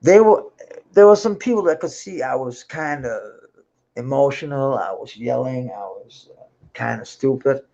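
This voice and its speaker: Speaking English with a Danish accent, this man from Denmark rambles through an unplanned, casual livestream about his music life, cursing freely, laughing a lot, and frequently starting over. His mid-range voice is warm with vocal fry and lively intonation at a normal speed, though the audio is dull.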